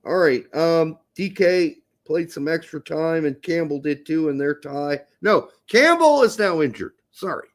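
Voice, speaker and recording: A man co-hosting a casual soccer podcast, animated, jokey and swearing freely. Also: a little high, measured pace, hardly any pauses. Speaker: podcast co-host. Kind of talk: casual sports chat.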